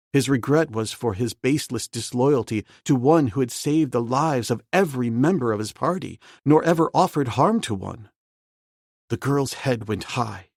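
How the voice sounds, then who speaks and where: A man reading a novel aloud as an audiobook narrator, in a steady, measured way. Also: medium pitch, creaky, dry recording, clean studio sound.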